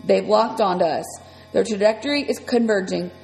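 A woman reading a first-person children's story aloud in a lively, breathless way. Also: medium pitch, moderate pace, vocal fry. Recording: long reverb, faint music.

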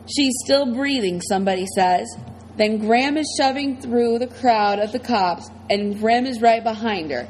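A woman's voice: a little high, normal speed, a little mellow, slight background noise, rough recording. A woman reading a first-person novel aloud as audiobook narrator, in a tense, dramatic way.

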